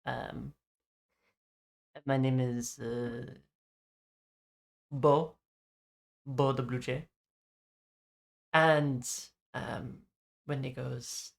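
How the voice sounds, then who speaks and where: Casting note: woman game master, low creaky voice, halting tabletop narration. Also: fairly even intonation. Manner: halting, many fillers.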